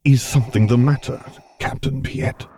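A man voicing a cold, commanding masked dark lord who gives slow, clipped orders in a low rumble. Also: fairly even intonation, lightly acted.

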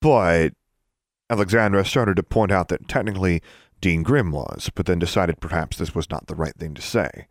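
A man's voice: sits low, moderate pace, no room sound. A man reading a children's story aloud as narrator, telling it expressively on a close mic. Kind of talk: audiobook reading.

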